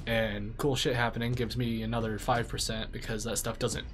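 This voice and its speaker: A man reacting casually to game trailers, profane, excitable and joking. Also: medium pitch, moderate pace, music in the background. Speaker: gaming video reactor. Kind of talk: casual live reaction commentary.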